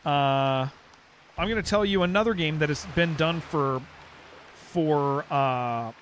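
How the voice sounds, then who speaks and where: Taking it slowly in a fairly high voice, a young man from San Diego with a Californian accent rambles casually while live-streaming a game. He often says "dude" and restarts his sentences, and there's a little hiss or hum in the recording.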